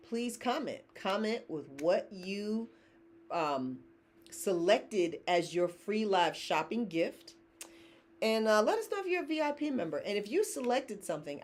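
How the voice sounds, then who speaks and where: Middle-aged woman, founder hosting a live sale, very expressive, chatty and laughing. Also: mid-range voice. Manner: chatty, laughs often, reads viewer comments aloud. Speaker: company founder hosting live shopping stream. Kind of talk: casual live-stream chat.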